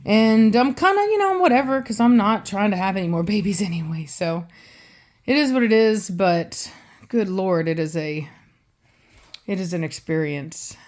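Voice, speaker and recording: A woman in her late thirties speaks in a loose, unscripted vlog style. She restarts her sentences, leans on fillers, and sounds candid. Her voice sits at a middling pitch for a woman. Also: normal speed. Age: late 30s. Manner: coos in a high, soft baby-talk voice to her bird. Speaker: vlogger and pet bird owner. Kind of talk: casual vlog chat.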